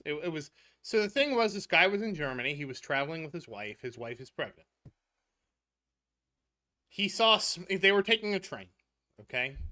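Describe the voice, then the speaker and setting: A woman's voice: fairly low pitch, sharp tone. A woman gaming streamer chatting casually while she plays, telling stories with frequent laughs and trailing restarts. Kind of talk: casual chat while playing a game.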